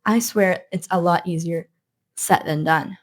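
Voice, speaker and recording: A woman's voice: lowish voice, a little slow. A woman with a non-native accent, a language coach giving an earnest motivational talk to camera, repeating her points for emphasis.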